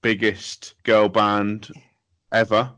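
A man's voice: lowish voice, little pitch movement, very slow, fairly bright tone. A man co-hosting a comedy podcast, teasing and rambling as he talks. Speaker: podcast co-host.

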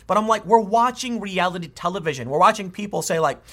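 A man's voice: high-pitched, expressive, fast, fairly bright tone. A man giving an opinionated commentary monologue, emphatic and often restarting his sentences. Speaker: political commentator.

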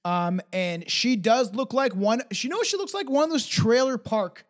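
A man's voice: extremely high pitch, expressive, normal speed. A man co-hosting a casual true-crime podcast, crude and laughing a lot, not from the United States. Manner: crude, swearing, laughing often. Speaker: podcast co-host.

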